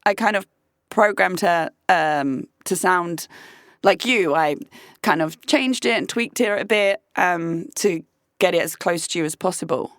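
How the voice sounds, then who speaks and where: A hesitant young man mumbling through an explanation with lots of ums, in a lower, flatter register than the speaker's own voice. A woman acts him out while retelling a story. The sound is close and dry. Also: a little slow, no echo, natural voice. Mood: offhand. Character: casual young man, offhand and matter-of-fact.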